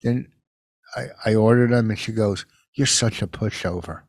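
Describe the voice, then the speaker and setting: A man's voice: fairly low pitch, moderate pace, no echo, studio quality. An older man co-hosting a podcast, telling stories in a rambling, defensive way. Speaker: podcast co-host. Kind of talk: casual chat.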